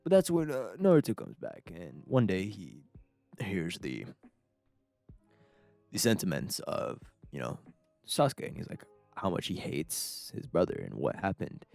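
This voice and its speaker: A young man tells a crude comic fan story in a casual, rambling way, full of fillers and swearing. His voice is mellow and lively in pitch. It is recorded dry and close, with faint music underneath. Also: measured pace, creaky, no room sound. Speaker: narrator.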